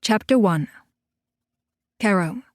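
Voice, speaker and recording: A woman's voice: mid-range voice, lively intonation, takes it slowly, no echo. A woman narrating a first-person paranormal audiobook in a wry, dry storytelling manner, recorded on a close studio mic.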